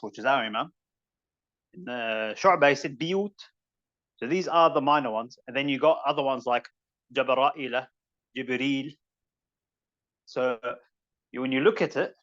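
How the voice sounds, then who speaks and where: His voice is mid-range and fairly bright, though the recording is muffled. The man, who has a New Zealand accent, leads an online tajweed class in a casual, rambling manner, breaking into recited Arabic phrases from time to time.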